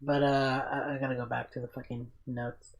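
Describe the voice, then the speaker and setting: A man hosting a casual podcast, telling stories in an excited, profane, rambling way. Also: mid-range voice, normal speed, gravelly. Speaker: podcast host.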